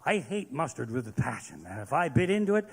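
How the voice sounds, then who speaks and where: A man doing a profane stand-up comedy set on stage, ranting and shouting his punchlines. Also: mid-range voice, big pitch swings, fairly quick, slight background noise. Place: live comedy stage in a large hall. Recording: live venue with long hall reverb.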